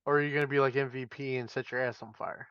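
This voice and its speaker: A man's voice: mid-range voice, steady tone, fast talker, a bit bright, smooth, no echo, lo-fi sound. A man hosting a podcast, leading casual wrestling chat and laughing easily. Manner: leads questions, laughs easily. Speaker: podcast host.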